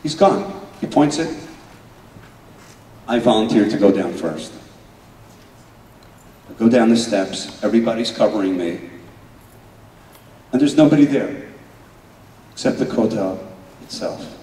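A man playing an Israeli paratrooper telling a moving battle memory in a dramatic first-person monologue, earnest and swinging between loud urgency and hushed emotion. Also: lowish voice, animated, unhurried, pauses often. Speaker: stage performer. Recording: echoey hall from far off.

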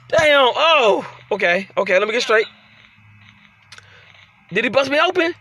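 Man, gaming host, very high voice, excited let's-play commentary, loud trash talk. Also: measured pace, pauses often. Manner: loud trash-talking, frequent shouted exclamations.

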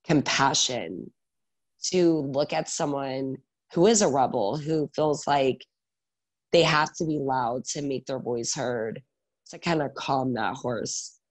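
A man in his thirties talks through his career on an interview podcast, lively and animated. His voice sits in an ordinary middle register, and he keeps checking in with the listener with a quick "right?". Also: medium pitch. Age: 30s. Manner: energetic, animated storytelling with many filler "like" and "right?". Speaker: guest, salon owner and educator.

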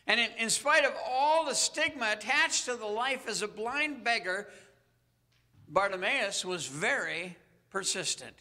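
A male pastor preaching a sermon, retelling a story earnestly with dramatic pauses. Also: high-pitched, lively intonation, bright, forceful tone.

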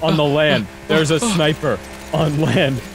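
A man co-hosting a casual online gameplay chat with quick exclamations and dry jokes. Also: a little high, a loud crowd, rough recording. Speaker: gaming video co-host. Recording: loud background noise on the mic.

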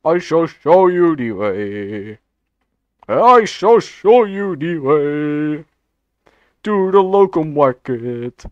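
A man voicing a meme echidna clan leader who chants slowly and solemnly about the way, on a dull, dry mic. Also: fairly high pitch, big pitch swings, no echo, full character voice. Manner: slow, solemn, chanting repetition.

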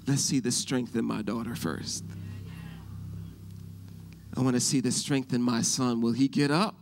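A middle-aged man preaching a sermon as pastor. He keeps asking the congregation if they hear him and builds to loud shouts. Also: mid-range voice, steady tone, measured pace, long pauses, faint music behind. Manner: preaching with call-and-response questions, rising to shouts.

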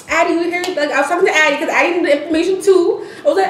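A woman's voice: very high voice, quick pace, few pauses, slight background noise. A young woman vlogger casually telling a story, acting out what everyone said. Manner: animated, acts out quoted dialogue. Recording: roomy echo, distant mic, faint music.

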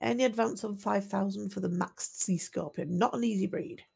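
Woman auctioneer, husky with some gravel, steady methodical bid-calling, mid-pitched. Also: normal speed. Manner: steady methodical lot-calling, selling once, twice, sold.

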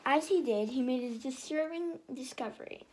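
A woman reading a children's storybook aloud in a lively way, often stumbling and restarting. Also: high voice, moderate pace. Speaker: reader.

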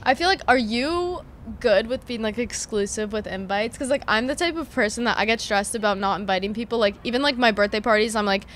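A woman's voice: a little high, fairly quick, a bit bright, a little hiss or hum. A young woman in her twenties hosting a podcast, chatting casually and rambling with lots of fillers. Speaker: podcast host. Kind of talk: casual chat.

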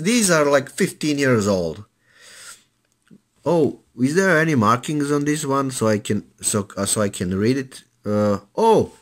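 A man's voice: mid-range voice, a bit bright. Laid-back man rambling through a gadget review. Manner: laid-back, loose, many filler sounds, calls viewer "man". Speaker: hobbyist reviewing an old cassette recorder.

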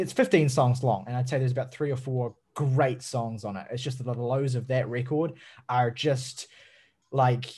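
A man's voice: mid-range voice, a little mellow. Kiwi guy on a music podcast, rambly, keeps restarting his sentences. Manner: rambling, self-correcting, laughs mid-sentence. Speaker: podcast co-host. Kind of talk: casual music review chat.

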